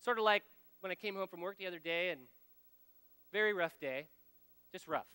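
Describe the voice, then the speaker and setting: Male speaker, 30s-40s, high and crisp voice, anecdotal sermon style, long hall reverb. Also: normal speed, bright, forceful tone. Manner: storytelling, folksy, speaks directly to the audience. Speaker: speaker at a men's ministry gathering. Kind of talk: conversational sermon with personal anecdotes.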